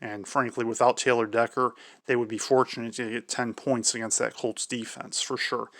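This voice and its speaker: A man hosting his own sports channel, going through team injury reports in a measured tone and often hedging with "I believe". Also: mid-range voice, level tone, a bit bright, no room sound, studio quality. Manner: measured, repeats "I believe" and "for sure". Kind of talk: football injury preview commentary.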